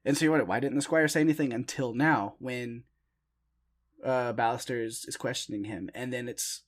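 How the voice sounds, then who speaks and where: A young man co-hosting a podcast, talking through a film in a relaxed, rambling way with plenty of fillers. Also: medium pitch, normal speed. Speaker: podcast co-host. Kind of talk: casual film discussion.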